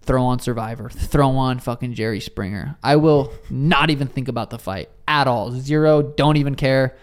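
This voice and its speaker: A man's voice: mid-range voice, normal speed. A young adult man in a casual interview, speaking loosely and profanely, often restarting his sentences. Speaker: interviewee, professional fighter.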